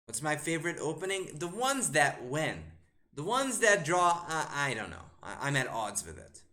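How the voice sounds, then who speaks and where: A man's voice: fairly high pitch, sing-song, normal speed, sharp tone. A man, a chess grandmaster streaming live, commentating a game while firing exasperated rhetorical questions at the board and muttering move lines to himself.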